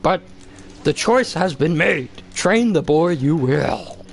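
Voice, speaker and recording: Figure: ancient tiny alien Jedi master, put on by a man. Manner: wise and grave, inverted word order. Pitch: pushed well up. Pace: drawn-out and slow. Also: lively intonation, gravelly, slight background noise, heavily acted. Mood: solemn.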